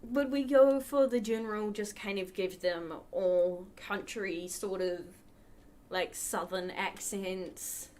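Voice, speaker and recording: A woman chats along with her viewers while playing a game, her voice sitting at a middle pitch. She talks casually into a desk mic, with faint noise and the odd keyboard click behind her. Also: steady tone, slow, darkish tone. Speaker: livestream host. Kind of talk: casual gameplay commentary.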